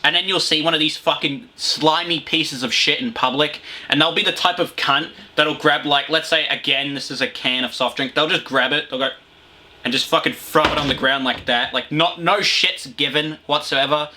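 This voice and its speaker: Aussie guy doing a sweary sarcastic review rant, bright sharp voice, kinda high for a bloke, cracks himself up. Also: expressive, normal speed. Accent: Australian. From Australia. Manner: crude, profane and sarcastic, laughing at his own jokes. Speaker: video reviewer. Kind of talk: ranting comedic review.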